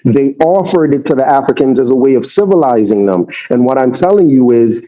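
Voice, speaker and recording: Mellow-voiced man arguing a point. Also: mid-range voice, lively intonation, fairly quick. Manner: persistent, asks to finish his thought. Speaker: debate participant. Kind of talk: argumentative voice chat discussion. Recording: dull lo-fi voice chat audio.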